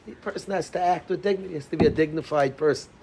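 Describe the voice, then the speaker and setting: A man teaching a lively Torah class as a rabbi, calling on students by name and dropping to whispers. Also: on the high side, racing, slight background noise, rough recording. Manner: animated, calls on students by name, drops to whispers.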